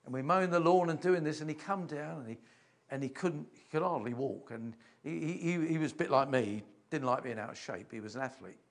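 An older man giving a sermon in a church, emotional and halting, often repeating himself as he restarts sentences. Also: fairly high pitch. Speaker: preacher.

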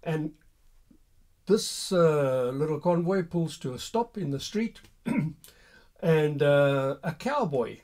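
An older man, an army veteran answering viewers' questions with an unhurried, hesitant spoken reminiscence. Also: on the high side, darkish tone. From Rhodesia. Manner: unhurried, hesitant, with frequent pauses.

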